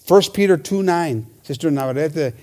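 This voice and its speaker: A man preaching a lively sermon, switching between Spanish and English and shouting for emphasis. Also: fairly high pitch, moderate pace. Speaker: pastor. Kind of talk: bilingual sermon.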